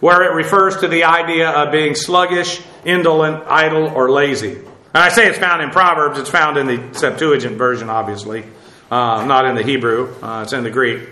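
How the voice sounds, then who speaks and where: A man's voice: a little high, steady tone, moderate pace, pushed and bright, roomy sound, rough recording. A man preaching a sermon in a conversational way, often asking his listeners questions. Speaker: pastor.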